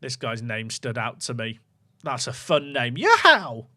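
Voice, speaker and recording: Male streamer, casual running commentary, mid-pitched. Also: fairly even intonation, measured pace, bright, forceful tone. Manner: musing aloud, chatting to viewers. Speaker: gaming streamer.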